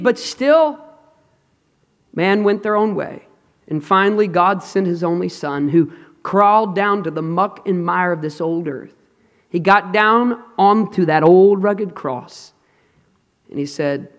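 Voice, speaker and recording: Male preacher, high voice, dramatic hushed-to-loud delivery, long hall reverb. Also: measured pace. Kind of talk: sermon. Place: large hall with an audience.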